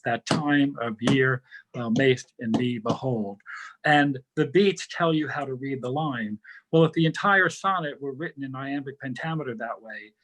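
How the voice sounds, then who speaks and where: A man's voice: mid-range voice, a bit bright, poor audio. A man giving a library lecture and answering questions, explaining at length with thoughtful digressions and frequent filler words.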